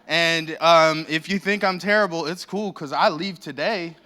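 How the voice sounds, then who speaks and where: A man's voice: a little high, unhurried, pushed and bright, a little hiss or hum. An American man preaching as a guest pastor in a church, joking and self-deprecating as he rambles into his message through a handheld microphone. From United States. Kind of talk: sermon. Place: church sanctuary.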